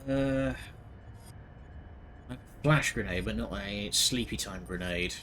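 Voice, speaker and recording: A man's voice: lowish voice, lively intonation, takes it slowly, long pauses, slight background noise. A man giving casual let's-play commentary, joking and sarcastic, swearing freely. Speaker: gaming video host.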